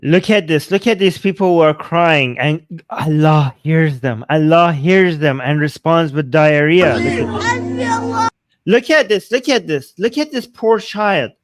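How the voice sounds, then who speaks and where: A man's voice: a little high, unhurried, few pauses. A man hosting a debate show, reacting to a clip with angry, indignant commentary and repeating himself. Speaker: host.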